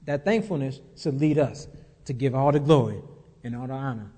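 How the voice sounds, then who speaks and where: A man's voice: medium pitch, moderate pace, mellow, slightly rough, big-room sound. A male pastor delivering an emphatic sermon, repeating phrases and asking the congregation rising questions.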